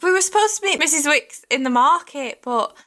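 A woman's voice: high-pitched, animated, brisk, sharp tone. A woman playing a tabletop game, chatty and persuasive. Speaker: player. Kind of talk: casual tabletop play.

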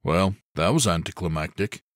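A laid-back young SWAT officer in an audiobook, tossing off wry remarks in a low voice as a male narrator puts him on. The read is dry and close to the mic. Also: moderate pace, no echo, close to an everyday voice.

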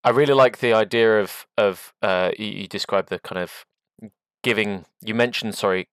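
A man's voice: on the low side, normal speed, clear, resonant tone, no echo. A man hosting a casual podcast chat, thoughtful and searching for his words as he poses questions.

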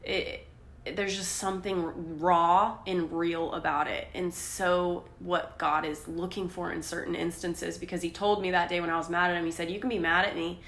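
A woman's voice: on the low side, normal speed, echoey room. A young woman co-hosting a casual faith podcast, telling personal stories candidly and with animation. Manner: candid, animated storytelling with laughs. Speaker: podcast co-host.

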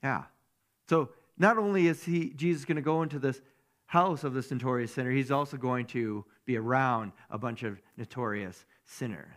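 A man's voice: mid-range voice, moderate pace. A man giving a conversational sermon as a pastor, who keeps asking his listeners rhetorical questions.

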